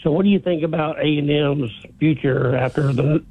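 A man's voice: a little high, normal speed, breathy edge. A man calling in to a sports radio show, friendly and asking the host direct questions. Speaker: caller. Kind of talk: call-in question. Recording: tinny dry phone line.

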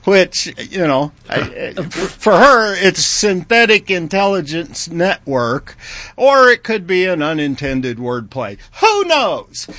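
Slow, high-voiced wry male host. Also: sing-song, pushed and bright, no echo. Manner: wry, amused, teasing. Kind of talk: scripted talk show presenting.

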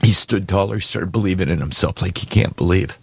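A man's voice: sits low, fairly quick, gravelly, slightly rough, no echo. A man on a morning talk show, telling a heartfelt story in casual chat and choking up with tears as he goes. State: tearful. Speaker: radio show co-host.

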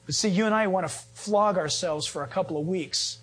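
A pastor preaching a sermon, animated, acting out quotes and joking with the congregation. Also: male voice, high-pitched, fairly quick, slightly rough. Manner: animated preaching, acts out quotes, jokes and laughs.

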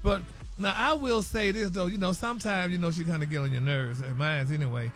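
A man's voice: high voice, fairly quick, fairly bright tone, faint music behind. A man hosting a morning radio gossip segment, talking sassy and calling everyone honey, y'all and baby. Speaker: radio show host reading celebrity news.

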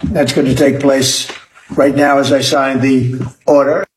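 A man's voice: medium pitch, level tone, unhurried, slight background noise. Man announcing, echoey and distant. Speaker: politician. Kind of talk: official announcement. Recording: roomy clip from far off.

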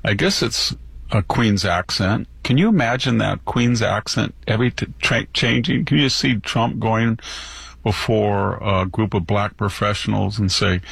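Male pundit, indignant and rambling, gravelly, dry. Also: medium pitch, expressive, moderate pace, a bit bright, no echo. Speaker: commentator. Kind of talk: opinionated commentary.

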